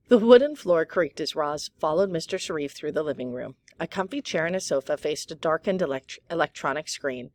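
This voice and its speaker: A woman calmly reading a children's novel aloud, unhurried, with small slips now and then. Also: deep voice. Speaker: audiobook reader.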